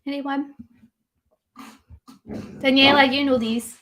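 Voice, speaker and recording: A young woman leads a live webinar in a fairly high voice. She talks in a loose, chatty way, fires questions at her listeners and reads their answers back as they come in. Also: level tone, slow pace, a bit bright. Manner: chatty, asks the audience questions, reads out chat replies. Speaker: dog grooming educator.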